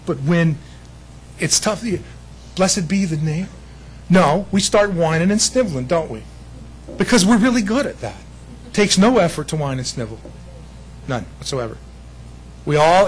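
High-pitched animated male preacher. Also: moderate pace, pauses often, husky, rough recording. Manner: animated, mimics voices, self-deprecating humor. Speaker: pastor. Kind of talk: sermon.

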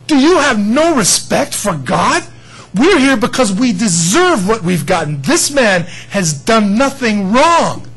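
A man's voice: high voice, very animated, unhurried, fairly bright tone, slightly rough, heavily acted, rough recording. A man voicing a repentant male thief on a cross who rebukes his fellow and pleads earnestly. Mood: rebuking.

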